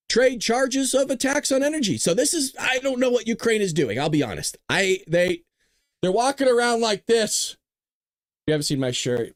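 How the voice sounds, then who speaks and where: A man's voice: high voice, dry recording, studio quality. A middle-aged man hosting a political talk show, talking casually with sarcastic, jokey asides.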